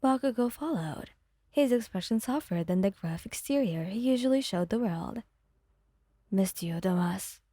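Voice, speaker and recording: Woman reader for ASMR fanfic, soft steady narration, mellow dry voice. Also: on the high side, no room sound.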